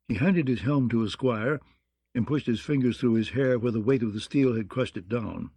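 A man reading a fantasy novel aloud as narrator, in a measured, steady storytelling manner. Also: medium pitch, no room sound. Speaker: audiobook narrator. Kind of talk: scripted narration.

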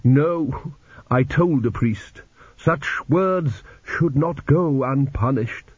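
A man reading an audiobook voices a pious middle-aged male prisoner who speaks slowly and primly. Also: fairly high pitch, lively intonation, slightly rough, no echo, full character voice. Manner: slow, virtuous and prim. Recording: dull lo-fi audiobook recording.

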